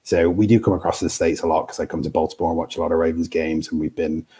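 A British man in his thirties speaks as a podcast guest, stumbling and restarting as he thinks aloud. His voice sits very low and has a husky, breathy edge. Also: steady tone, quick pace, mellow. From United Kingdom. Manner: hesitant, many restarts and fillers. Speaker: guest draft analyst. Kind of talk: casual podcast chat.

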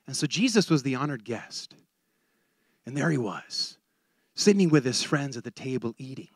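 A man preaching a sermon in an animated way, often repeating words as he builds a point. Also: medium pitch, moderate pace, husky, no echo, clean studio sound.

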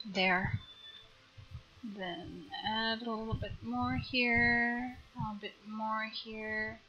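Chatty woman art streamer, slow easy talk, gently coaching, giggles a lot. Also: fairly high pitch, steady tone, lo-fi sound, a little hiss or hum. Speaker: art streamer teaching drawing. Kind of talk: live drawing tutorial.

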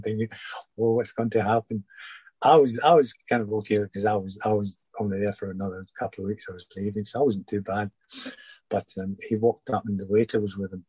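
An older former footballer, husky-voiced, recalling his career in a halting interview chat full of restarts. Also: lowish voice, level tone, a little mellow, dry recording, poor audio. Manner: halting, many restarts and repeated words.

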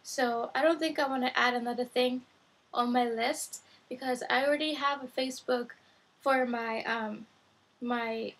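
A woman's voice: fairly high pitch, husky, rough recording. A woman vlogging from her bedroom at night, chatting eagerly and directly to her viewers while teaching Japanese words. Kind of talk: casual vlog talk to viewers.

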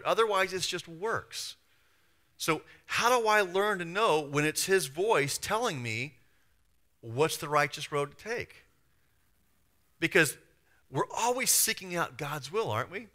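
Bright-voiced man preaching a sermon. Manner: emphatic and conversational, swings from loud stress to low asides. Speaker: pastor.

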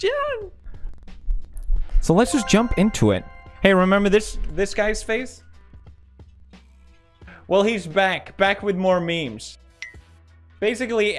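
A young man hosting comedic meme commentary, goofy and ironic, laughing often. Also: high-pitched. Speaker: host.

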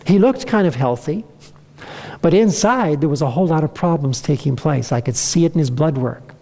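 A man's voice: fairly high pitch, lively intonation, normal speed, gravelly, warm tone, long reverb tail. A man giving a health presentation to an audience, asking them rhetorical questions as he teaches. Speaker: health lecturer.

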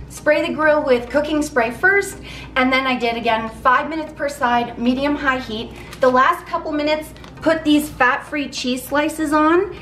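A woman hosting a casual cooking vlog, bubbly and excited, talking in quick bursts. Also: high-pitched, a little hiss or hum. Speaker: vlog host. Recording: echoey room with faint music.

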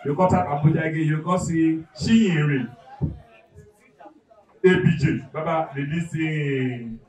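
A man with a Nigerian accent doing live stand-up comedy, animated and loud, acting out characters and shouting punchlines. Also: on the high side, a little slow, roomy sound, distant mic, rough recording. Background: audience.

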